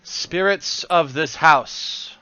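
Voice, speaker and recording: A grave, ritual-minded woman mystic , voiced by a man, intones each phrase slowly. The tone is bright, the sound is dry, and it comes through a dull, lo-fi mic. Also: a little high, smooth, no echo, heavily acted. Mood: solemn. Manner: slow, measured, ceremonial. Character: solemn woman mystic leading a seance.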